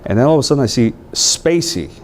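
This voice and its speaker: A man training new teachers, telling stories in an animated way and acting out voices. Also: medium pitch, fast talker, slight background noise. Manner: animated storytelling, acts out voices.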